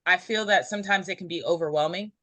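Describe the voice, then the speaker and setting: A woman giving an intuitive numerology reading in a casual group chat, meandering and filling pauses with ums. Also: on the low side, a bit bright, no echo. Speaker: numerology reader.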